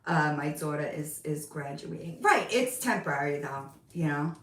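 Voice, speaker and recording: A woman's voice: deep voice, expressive, moderate pace, a bit bright, distant mic, slight background noise. A middle-aged woman chatting casually on a live stream from her home, rambling and cooing at her cats now and then. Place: room at home. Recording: roomy sound, voice off from the mic.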